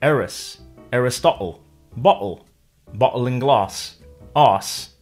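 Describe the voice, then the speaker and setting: A man narrating a scripted language lesson, explaining clearly and stretching example words out slowly. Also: medium pitch, darkish tone, soft background music. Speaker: language teacher.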